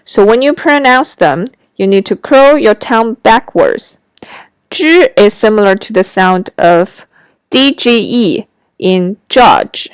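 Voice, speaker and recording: A woman's voice: medium pitch, expressive, slow, clean tone, dry recording, poor audio. A woman teaching Mandarin pronunciation in a scripted lesson, carefully demonstrating each sound.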